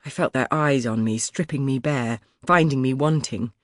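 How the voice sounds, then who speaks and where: A man reading a first-person historical audiobook in a measured, expressive storytelling manner, close to the microphone. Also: mid-range voice, no echo. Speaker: audiobook narrator. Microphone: close studio mic.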